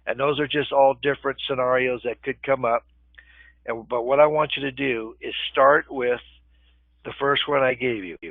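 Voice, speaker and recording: An older man with a gravelly voice leads a live webinar in a relaxed, conversational way, pausing often to check in with his listeners. The audio is thin and phone-like. There is no room echo at all. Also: mid-range voice. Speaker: real estate webinar instructor. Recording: tinny phone-line webinar audio, dry.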